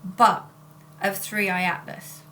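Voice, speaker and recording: A woman's voice: mid-range voice, flat delivery, slow pace, bright, forceful tone, slight background noise. A woman, chatting casually on her vlog in a rambling way, often breaking off to correct herself. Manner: rambling and self-interrupting. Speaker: spiritual channeler and vlogger. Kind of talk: casual chat.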